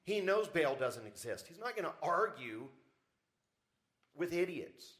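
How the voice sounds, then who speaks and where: A man's voice: a little high, sing-song, moderate pace, fairly bright tone. A man preaching a sermon as pastor, with rising emphasis and frequent rhetorical questions to the congregation. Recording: church service audio recording.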